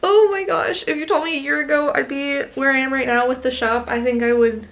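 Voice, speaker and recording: A woman running a small business, chatting casually in a vlog, gushing and excitable with lots of fillers, teary and emotional. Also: high voice, brisk, rough recording. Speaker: small business owner vlogging.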